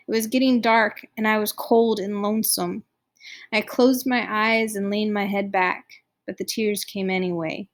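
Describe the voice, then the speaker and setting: A woman's voice: mid-range voice, moderate pace. A woman reading a novel aloud, narrating expressively. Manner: expressive reading, voicing each character. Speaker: audiobook reader.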